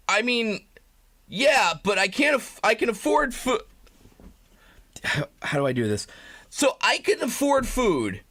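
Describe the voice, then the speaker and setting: High, bright-voiced man ranting on stream. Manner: rambling, profane, self-pitying, breaks into laughter. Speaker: live streamer. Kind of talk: comedic live-stream rant.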